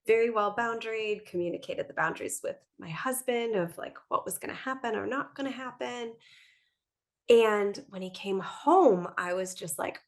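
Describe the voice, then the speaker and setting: A woman in relaxed conversation, her voice in the middle of the range for women. She tells her stories with animation and laughs easily between thoughts. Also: mid-range voice, normal speed. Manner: animated storyteller, laughs often. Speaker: podcast guest. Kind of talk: casual conversation.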